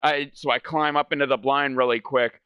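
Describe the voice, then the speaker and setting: A man's voice: medium pitch, steady tone, normal speed, clean tone, no room sound, dull audio. A man hosting a gaming channel, telling a story in casual chat. He rambles, swears a lot and keeps saying "like". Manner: rambling, profane, fills speech with "like".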